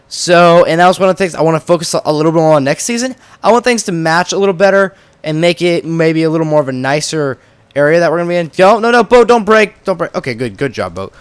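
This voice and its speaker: A young man hosting casual gameplay commentary, talking in an excitable, rambling, jokey way and poking fun at himself, a little congested from a cold. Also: fairly high pitch, clean tone, dry recording. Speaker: Minecraft let's-play host.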